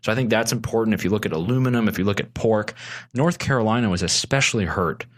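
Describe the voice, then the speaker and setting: A man's voice: lowish voice, fast. A man talking as a podcast guest, earnest and persuasive, often restarting his sentences. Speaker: guest, consumer advocate. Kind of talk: casual podcast chat.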